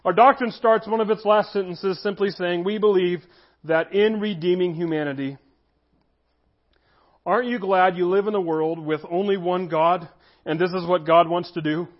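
A man preaching a sermon as pastor, earnest, slowing down to stress key phrases. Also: high-pitched, steady tone, lo-fi sound.

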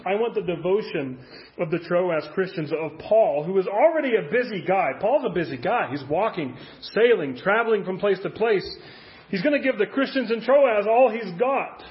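A man's voice: sits high, lively intonation, moderate pace, dull audio. A man preaching a conversational sermon as a pastor, full of rhetorical questions.

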